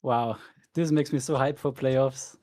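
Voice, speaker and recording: A man co-casting a live esports match, giving calm, analytical play-by-play. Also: medium pitch, unhurried. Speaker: esports co-caster. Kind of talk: live game commentary.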